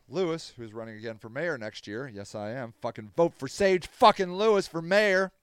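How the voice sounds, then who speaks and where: Foul-mouthed ranting man, smooth clear voice. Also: on the high side, lively intonation, no echo. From Akron, Ohio. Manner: profane, heated and ranting; quick flashes of anger, loud outbursts. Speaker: podcast host. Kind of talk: reading news articles aloud and ranting about them.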